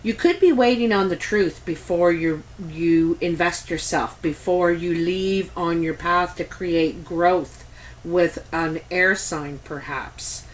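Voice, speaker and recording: A woman's voice: fairly low pitch, takes it slowly, slight background noise, rough recording. A Canadian woman giving a casual tarot reading to camera, chatty and meandering, with many ums and asides. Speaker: tarot reader.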